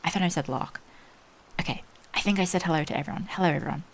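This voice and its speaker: Low-voiced woman chatting on stream. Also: fast talker, creaky. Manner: chatty, greets chat by name, laughs easily. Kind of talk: casual live-stream chat.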